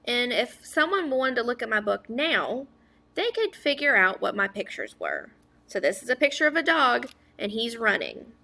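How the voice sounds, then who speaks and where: A woman teaching a phonics lesson to young children, sounding out words slowly, asking questions and praising answers. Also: fairly high pitch, creaky, bright, forceful tone. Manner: stretches out sounds, asks and praises an imagined class.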